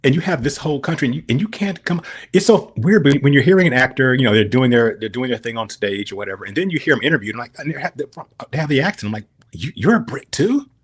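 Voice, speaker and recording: A man's voice: mid-range voice, very fast, husky. A man speaking as a podcast guest in casual chat, rambling with frequent restarts.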